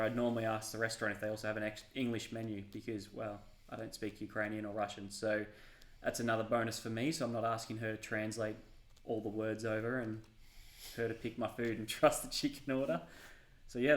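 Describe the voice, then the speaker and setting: Male client, even-toned and matter-of-fact, echoey room. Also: mid-range voice. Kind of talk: casual answers in a Q&A.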